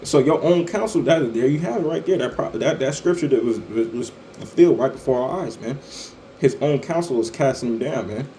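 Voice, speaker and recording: A man's voice: mid-range voice, lively intonation, fairly quick, mellow, slight background noise, poor audio. A man delivering a profane religious-political rant, stammering often and tagging his lines with "man" and "right". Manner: stammering, repeats "man" and "right", swears freely. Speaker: online commentator.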